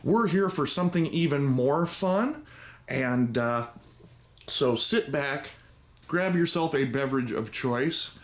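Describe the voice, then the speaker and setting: A man hosting a video and reading an old children's story aloud with wry, theatrical asides. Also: medium pitch. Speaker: YouTube host. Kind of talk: joking story-time reading.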